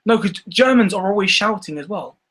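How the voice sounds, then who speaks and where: A Scottish man with a fairly high voice chats loosely on a live stream. He rambles from thought to thought and keeps breaking into giggles. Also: lively intonation, a little fast, a bit bright. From Scotland. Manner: rambling, giggly, laughs often. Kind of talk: casual chat.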